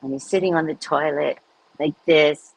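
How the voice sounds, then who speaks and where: A woman's voice: steady tone, normal speed, creaky, husky, no echo, rough recording. A woman host telling stories in a casual chat, blunt and profane, laughing often and acting out the dialogue. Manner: acts out dialogue with big pitch swings. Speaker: podcast host.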